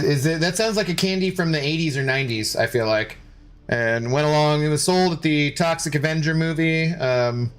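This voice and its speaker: A gaming streamer with a fairly high, slightly bright voice chats casually with his viewers while playing, reading their messages aloud. He curses at his own mistakes when he's losing, and there's slight background noise.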